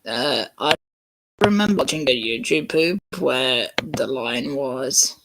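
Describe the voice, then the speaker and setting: A man reads a script aloud slowly for laughs, with a gravelly edge and a lively, bouncing pitch. He jokes around and trips over words as he goes. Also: noisy background. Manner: jokey, laughs at his own reading, stumbles over words. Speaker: fan channel host reading a script. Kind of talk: casual comedic reading.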